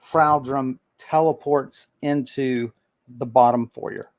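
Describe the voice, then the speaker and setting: A man narrating a tabletop game as game master, halting and full of ums. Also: medium pitch, fairly even intonation, dull audio.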